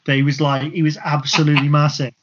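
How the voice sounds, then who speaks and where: A man co-hosting a football podcast, telling a story in an animated, casual way with some swearing. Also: on the high side, fast. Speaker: podcast co-host. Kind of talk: casual chat. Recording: slightly dull lo-fi sound.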